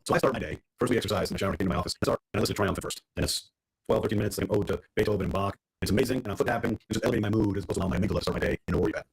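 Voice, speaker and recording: A man hosting a relaxed interview talks quickly in a low voice with a gravelly edge. His tone is a bit husky. He keeps the chat moving with friendly follow-up questions. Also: low-quality recording. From Tampa. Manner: chatty, asks follow-up questions. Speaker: interview host.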